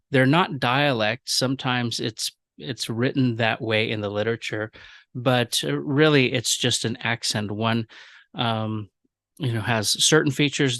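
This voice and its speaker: A man teaching a video lesson, explaining things in a measured way with some fillers and restarts. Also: mid-range voice, a bit bright, dry recording. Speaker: language teacher.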